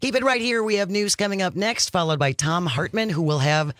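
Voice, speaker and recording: A woman's voice: lowish voice, a little fast, fairly bright tone, no echo. A woman hosting a radio talk show, chatting casually and reading news items aloud in a studio. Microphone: studio microphone.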